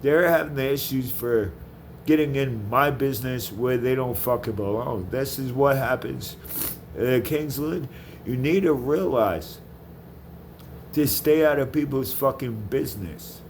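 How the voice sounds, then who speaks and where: A man's voice: medium pitch, a little slow, a little hiss or hum. Man ranting angrily, heavy swearing. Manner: heated, profane, repeats himself. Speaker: vlogger. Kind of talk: angry rant to camera.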